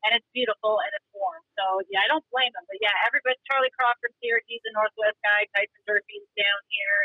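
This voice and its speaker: A woman guest from Montana telling stories in a chatty, animated way, calling in while she drives. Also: on the high side, fast talker, dry recording. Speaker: rodeo guest. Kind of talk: casual interview chat. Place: car. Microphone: phone call while driving. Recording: dull, dry phone-call audio.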